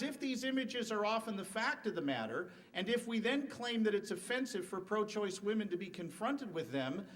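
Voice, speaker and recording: A man's voice: sits high, a bit bright, recorded from a distance. A middle-aged man giving a formal debate speech in a university hall, emphatic, with rhetorical questions and joking asides. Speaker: debate speaker.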